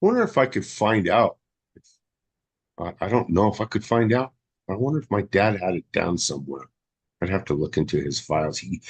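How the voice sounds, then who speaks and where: A man co-hosting a casual political talk show, rambling and agreeable, full of fillers. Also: fairly low pitch. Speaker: podcast co-host.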